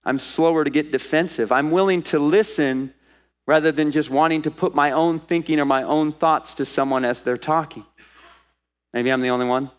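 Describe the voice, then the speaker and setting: A man preaching a sermon as pastor to a congregation in church, lively and acting out the voices he quotes. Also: a little high, normal speed, clean tone. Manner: animated, acts out quoted voices.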